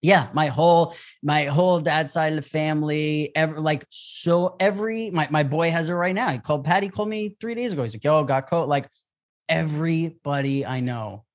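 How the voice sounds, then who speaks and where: A man's voice: on the high side, normal speed. A man co-hosting a podcast in casual chat, rambling and leaning heavily on "like" as he acts out his own reactions. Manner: rambling, heavy use of "like". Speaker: podcast co-host.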